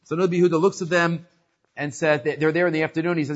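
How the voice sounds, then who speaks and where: A man teaching a casual religious class, telling a story with lively energy. His voice sits a little high, and he often restarts mid-sentence. The recording is muffled and lo-fi. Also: fast. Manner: animated storyteller with frequent restarts. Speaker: Torah teacher.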